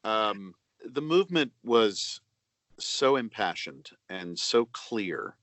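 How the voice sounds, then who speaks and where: Middle-aged man, low voice, dry close sound; earnest, measured interview guest on a video call. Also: lively intonation, fairly bright tone, dry recording. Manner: earnest, measured, with many pauses and fillers. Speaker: actor and audiobook narrator, interview guest. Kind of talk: reflective interview answers.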